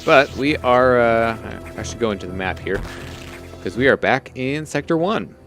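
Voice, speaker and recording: A young man giving casual, relaxed gameplay commentary, rambling with many fillers. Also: medium pitch, normal speed, over music. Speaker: let's play commentator.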